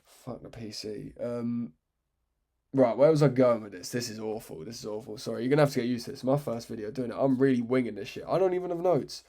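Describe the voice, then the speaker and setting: A man's voice: medium pitch, brisk, warm tone. A man giving unscripted, rambling commentary, swearing freely and often cutting himself off, with a sarcastic edge. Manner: rambling, swearing, self-interrupting. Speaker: MMA commentary vlogger.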